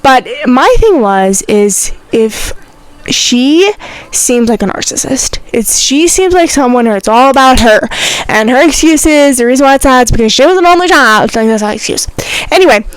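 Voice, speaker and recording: A young woman hosting her own podcast, chatting casually and getting worked up, with plenty of "like" and "I'm sorry". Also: high voice. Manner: animated and indignant, lots of "like" and "I'm sorry". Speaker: podcast host. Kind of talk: casual solo podcast chat.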